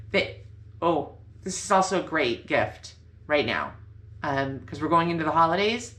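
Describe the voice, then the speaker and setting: A sewing channel host speaks from her home sewing room in a low, fairly bright voice that's expressive and moderately paced. The vlog is casual and chatty, and she's bubbly, rambling, and prone to correcting herself. The room is echoey, with faint ambience.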